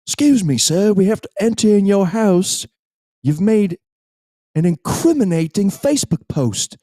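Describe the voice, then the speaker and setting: A man's voice: high-pitched, lively intonation, unhurried, warm tone, no echo, clean studio sound, voice pushed up. A man voicing a stern male police officer, overly polite and officious.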